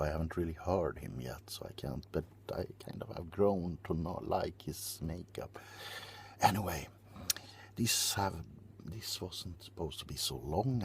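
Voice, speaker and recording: A man hosting an ASMR channel, giving a rambling whispered rant and slipping between whisper and quiet voice. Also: extremely low pitch, gravelly, slight background noise.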